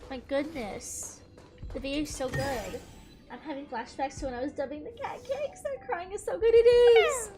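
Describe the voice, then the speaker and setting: Her voice sits high and animated at a normal speed as this young woman streams a game. The talk is a casual let's-play, full of giggles and gushing. Game music plays behind her commentary.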